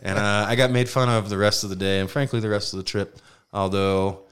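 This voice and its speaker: A man with a low, smooth voice co-hosts a podcast and spins a long story in easy, casual chat. He keeps it lively, swears now and then, and acts out what other people said. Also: brisk. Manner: animated anecdote teller, mimics voices, swears. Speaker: podcast co-host.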